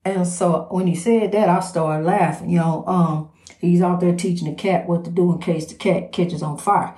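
A woman's voice: fairly low pitch, fairly even intonation, moderate pace, warm tone. A woman hosting an inspirational program, talking spontaneously in a preachy, repetitive way and calling the listener "honey.". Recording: roomy echo.

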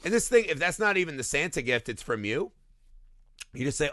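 Dude cracking crude jokes about a movie, bright voice bouncing all over, super dry close mic. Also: male voice, fairly high pitch, big pitch swings, fairly quick, dry recording. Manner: profane, riffing, does mocking quoted voices. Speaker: podcast co-host. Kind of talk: casual comedic movie discussion.

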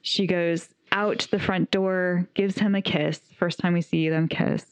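A woman's voice: lowish voice, fairly even intonation, unhurried, smooth, no echo. A woman co-hosting a podcast, retelling a film's story in casual chat with eager enthusiasm and frequent laughter. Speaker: podcast co-host reviewing a film. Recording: dull, dry lo-fi recording.

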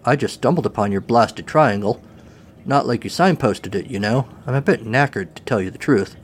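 A man voicing a gruff sea captain who grumbles his lines. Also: medium pitch, expressive, moderate pace, natural voice. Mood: grumbling.

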